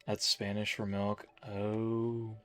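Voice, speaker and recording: A man's voice: on the low side, completely flat delivery, takes it slowly. Rambling jokey male streamer. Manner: rambling, jokey, self-mocking. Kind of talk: casual chat while drawing on stream.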